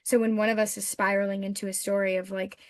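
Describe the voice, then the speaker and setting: A woman co-host talks in a mid-pitched voice, thoughtfully building on her guest's point and affirming it. Her voice is recorded close and dry. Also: little pitch movement, fast talker, dry recording. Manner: affirming, reflective. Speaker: podcast co-host. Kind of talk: podcast conversation.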